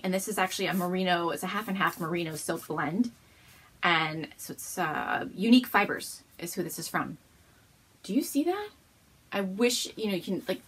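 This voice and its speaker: A woman with a husky, mid-range voice hosts a casual show-and-tell episode from home. She gushes in a bubbly way and laughs often as she talks.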